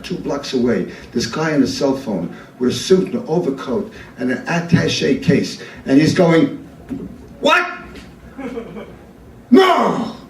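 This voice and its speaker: A man's voice: medium pitch, mellow, slight background noise. A man in his seventies doing a profane, rambling comic monologue on a live club stage, full of restarts. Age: 70s. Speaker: performance artist. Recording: roomy live club sound, distant mic.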